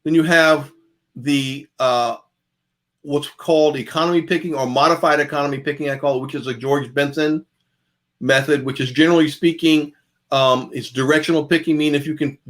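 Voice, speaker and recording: A man's voice: on the high side, steady tone, a little fast. A man giving a jazz guitar masterclass, talking casually and calling out picking strokes as he demonstrates. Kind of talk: masterclass lecture.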